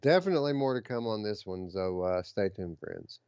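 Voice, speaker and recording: A man's voice: fairly low pitch, expressive, moderate pace, darkish tone, dull audio, slight background noise. A man co-hosting a podcast, chatting eagerly about gaming news and reading out details with plenty of fillers. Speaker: podcast co-host.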